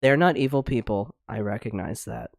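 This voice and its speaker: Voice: mid-range voice, moderate pace, vocal fry, dry recording, studio quality. Angry, swearing podcast co-host. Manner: angry, swearing, blunt ranting. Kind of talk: heated casual discussion. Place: livestreamed online podcast.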